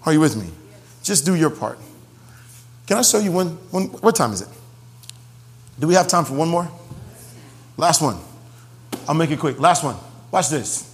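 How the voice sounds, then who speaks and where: A man preaching a sermon to his congregation in an animated way, joking and repeating phrases for emphasis. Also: on the high side, normal speed, pauses often. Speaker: pastor. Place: church sanctuary. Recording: long hall reverb.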